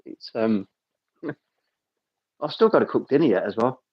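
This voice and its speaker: A man's voice: medium pitch, lively intonation, slow, slightly rough, dull audio. A man with a Birmingham accent hosting a casual live chat, jokey and playful, often repeating his words.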